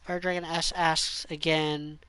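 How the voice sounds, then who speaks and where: A man's voice: a little high, level tone, a little slow, sharp tone, smooth, dry recording. A man streaming a game, chatting casually and reading viewer questions. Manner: chatty, opinionated, filler-heavy. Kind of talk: casual live-stream commentary.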